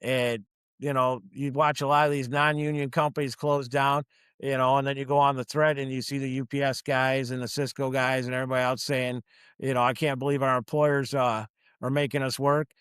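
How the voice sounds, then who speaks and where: Casting note: gruff man, Teamster guest, blunt and profane, dry close mic. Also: mid-range voice, flat delivery, fairly quick, a bit bright, no echo. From New York. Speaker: union truck driver guest. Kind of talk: casual podcast storytelling.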